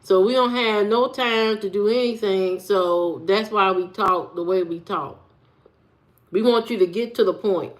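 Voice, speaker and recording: A woman's voice: medium pitch, unhurried. A woman hosting a live stream in casual chat, answering her viewers with blunt rhetorical questions. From United States. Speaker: livestream host.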